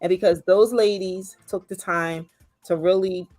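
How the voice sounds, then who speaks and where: Animated, playful woman host. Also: fairly low pitch, unhurried, faint music behind. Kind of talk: casual chat.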